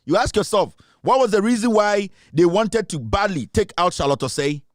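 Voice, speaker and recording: A Ghanaian man runs his commentary show in a high, lively voice. He presses every point, repeats himself for force and slides between English and Twi. The sound is dry and close. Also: moderate pace, no echo. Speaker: show host.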